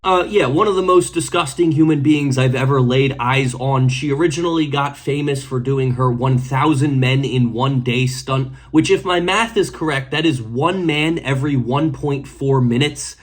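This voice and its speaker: Husky man giving blunt, indignant commentary. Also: mid-range voice, moderate pace, hardly any pauses. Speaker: host. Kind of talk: commentary video.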